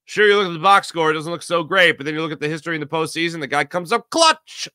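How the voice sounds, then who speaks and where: A man hosting a live morning sports talk show, giving opinionated, rambling takes with sudden animated bursts. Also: fairly high pitch, fast talker, clean tone, no room sound, studio quality. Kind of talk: solo sports radio monologue.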